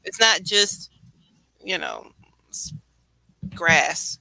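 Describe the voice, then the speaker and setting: A woman with a New York accent chatting casually on a late-night show, animated and rambling, laughing often. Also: on the low side, extremely slow, vocal fry, dry recording, low-quality recording. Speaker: co-host.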